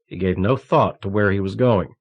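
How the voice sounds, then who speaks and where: A man reading a thriller novel aloud in a steady, measured narration. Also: lowish voice, highs cut off. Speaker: audiobook narrator. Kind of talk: scripted narration. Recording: cassette audiobook transfer.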